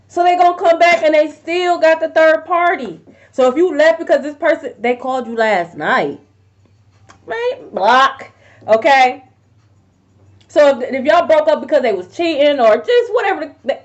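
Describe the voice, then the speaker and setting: High-voiced blunt woman tarot reader. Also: animated, normal speed, highs cut off. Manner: blunt, profane, with sudden loud outbursts. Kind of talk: casual tarot reading to viewers.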